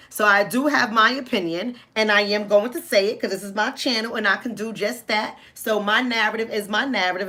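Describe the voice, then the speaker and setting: A woman's voice: medium pitch, a bit bright. A woman with a New York accent hosting a live commentary stream, blunt and outspoken, talking straight to her chat. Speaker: livestream host.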